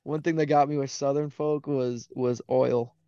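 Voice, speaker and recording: A man's voice: mid-range voice, little pitch movement, moderate pace, mellow, smooth, no echo, muffled recording. A young man from Wisconsin with an Upper Midwest accent, a laid-back podcast guest who laughs easily and acts out what people said to him. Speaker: podcast guest, hunting guide. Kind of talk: casual chat.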